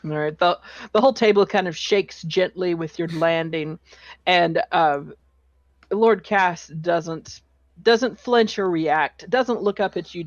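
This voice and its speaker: A game master narrating a tabletop game at a slow, unhurried pace, with a relaxed manner and plenty of fillers. The voice sits in a middling register, and the audio is dull and slightly lo-fi, like an online call. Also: mid-range voice, dry recording. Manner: relaxed and hesitant, many fillers.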